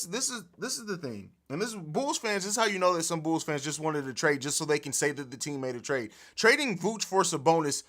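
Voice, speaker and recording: A man with a voice on the high side hosts a casual sports podcast livestream from his home studio. Animated and profane, he laughs often, and he's picked up by an overhead mic.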